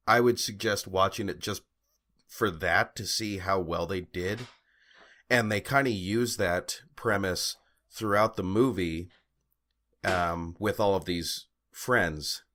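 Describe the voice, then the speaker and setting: Podcast co-host, young man, very deep low voice, loose rambling delivery with lots of fillers. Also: bright, forceful tone. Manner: rambling, frequent fillers and restarts, laughs often. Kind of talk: casual chat.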